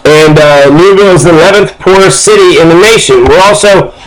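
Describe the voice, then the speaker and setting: A man's voice: high voice, a little fast, rough recording. A man from Kentucky giving casual news commentary, reading passages aloud and then reacting with frequent ums and uhs.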